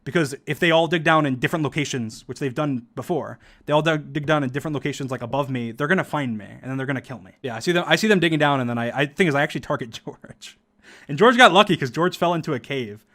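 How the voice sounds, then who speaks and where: A man casually commentating over his own gameplay footage, rambling fast with lots of fillers and frequent laughs. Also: fairly high pitch, fairly bright tone.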